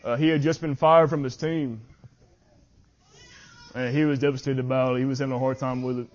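A man preaching at a youth meeting, reading scripture slowly and earnestly, sometimes tripping over his words. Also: medium pitch, level tone. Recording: muffled lo-fi audio.

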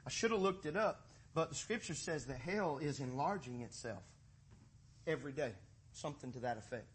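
A man preaching a sermon, moving between quiet, folksy storytelling and loud, rising passages. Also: a little high, moderate pace, husky.

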